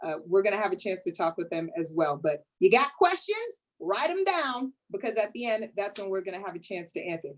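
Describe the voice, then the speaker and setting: A woman's voice: mid-range voice, very animated, brisk, hardly any pauses, poor audio. A woman hosting a live online panel, playful and sassy, often calling people honey. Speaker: host. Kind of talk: lively hosted panel talk.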